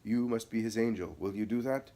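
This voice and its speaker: A man reading the part of a calm, gentle teacher speaking patiently to a child. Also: on the low side, brisk, natural voice.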